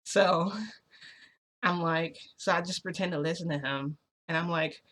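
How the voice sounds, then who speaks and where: Bright-voiced young woman telling a story. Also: lowish voice, steady tone, measured pace. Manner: rambling, full of "like" and restarts. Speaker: vlogger. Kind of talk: storytime narration.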